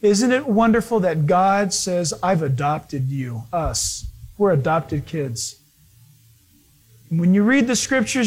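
A middle-aged male pastor with a high voice delivers a sermon full of storytelling. He is animated, laughs often and slips into the voices of the people he describes. His pitch runs well above most men's.

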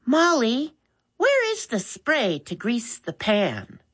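A woman's voice: a little high, wildly swooping pitch, slow pace, a bit bright, voice pushed up, full character voice. A woman reading aloud, voicing a responsible boy who gives directions politely. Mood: bossy. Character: boy, responsible and a bit bossy.

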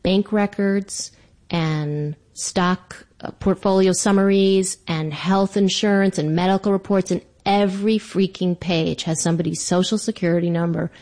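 Brief: woman with a lowish voice, animated comic storyteller. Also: normal speed. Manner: animated, self-mocking, breathless asides.

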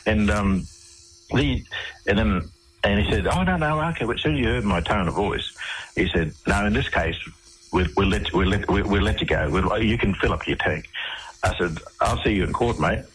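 A man's voice: lowish voice, normal speed, husky, poor audio. An Australian man, a guest on a radio interview, telling his story casually with many restarts and repeated words.

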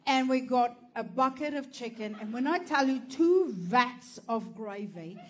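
A woman's voice: fairly high pitch, animated, a little slow. An Australian woman doing stand-up storytelling, brash and sweary, laughing through her punchlines. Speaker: stand-up comedian.

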